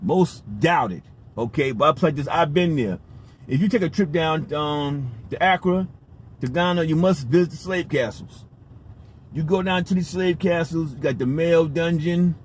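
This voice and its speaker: Emphatic rambling man, slightly high voice. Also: normal speed, slight background noise. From United States. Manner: rambling, emphatic, profane, repeats himself. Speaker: vlogger. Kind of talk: casual storytelling monologue.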